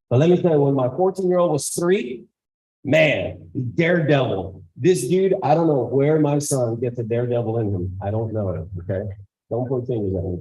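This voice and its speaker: In a school auditorium, a man with a medium-pitched voice gives a storytelling talk to school staff as a guest speaker. He's animated and performs the voices of his characters, though the recording is rough.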